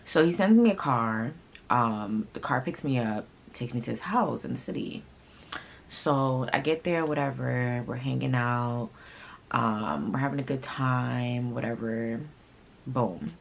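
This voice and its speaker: A young woman from a Haitian family, a vlogger whose first language is Haitian Creole, tells a personal story casually and with animation. Her very deep voice carries vocal fry, and she breaks into sudden loud outbursts and asides to viewers.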